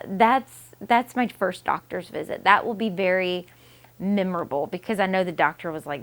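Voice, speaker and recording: A young woman, a new mother, talks openly to the camera in a personal vlog. She is emotional and candid, rambling through her thoughts with plenty of fillers and restarts, in a voice of middling pitch. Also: expressive, moderate pace, fairly bright tone.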